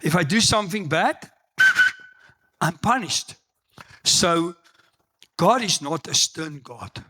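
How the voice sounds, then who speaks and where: A middle-aged South African man preaching a sermon, telling personal stories and acting out the dialogue with loud exclamations. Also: fairly high pitch, slow pace, pauses often, a little hiss or hum. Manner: animated storytelling, acts out dialogue, exclaims loudly. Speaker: pastor.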